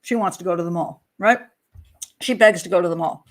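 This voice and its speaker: A woman's voice: fairly low pitch, a little fast. An older woman, a criminal profiler, giving chatty, blunt true crime commentary with sarcastic asides.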